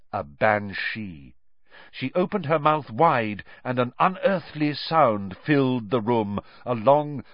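A man reading a story aloud with animated, dramatic narration. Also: mid-range voice, dry recording, highs cut off. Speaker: audiobook narrator.

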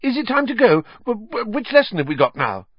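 A male narrator voicing a flustered, anxious studious teenage girl in a high, squeaky pleading voice. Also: big pitch swings, fairly quick, slightly rough, dry recording, muffled recording, full character voice. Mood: startled.

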